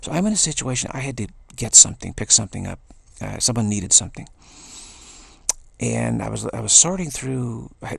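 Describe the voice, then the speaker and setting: A man's voice: medium pitch, gravelly, fairly bright tone, slightly rough, dry recording. A man giving an earnest spiritual talk, repeating key phrases and restarting sentences as he goes. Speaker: spiritual speaker.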